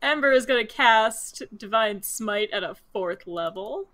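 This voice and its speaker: A woman's voice: fairly high pitch, lively intonation, unhurried, fairly bright tone. A woman player in a tabletop game, eager and often laughing as she describes her character's actions. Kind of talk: casual tabletop play.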